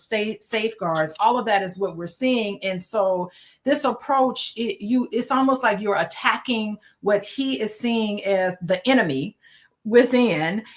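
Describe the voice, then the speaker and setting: A woman on a discussion panel, explaining a point in a measured way with some fillers. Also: mid-range voice.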